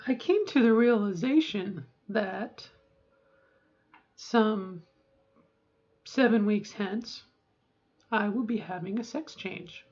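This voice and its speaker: A woman's voice: mid-range voice, slow, pauses often, a little mellow. Candid middle-aged woman, lo-fi video diary. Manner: chatty, candid, self-interrupting. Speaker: vlogger.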